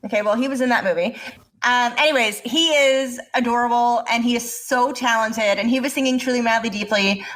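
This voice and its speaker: Young woman podcast host, high voice, fired up and laughing, swears a lot. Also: brisk, poor audio. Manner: animated, swears freely, laughs often. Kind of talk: casual chat.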